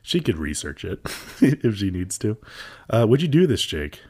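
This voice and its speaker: A man with a low voice hosts a casual podcast on a studio mic. He talks with lively ups and downs, laughing and playfully steering the conversation. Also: a little slow, slightly rough. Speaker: podcast host.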